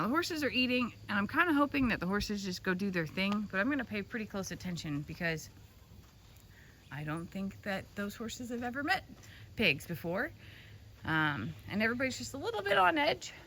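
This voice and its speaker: A young woman keeping a farm animal sanctuary, chatting through her chores outdoors. She coos to the animals in a high sing-song, then drops to a low, chatty voice. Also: sharp tone, a little hiss or hum. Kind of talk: casual vlog narration.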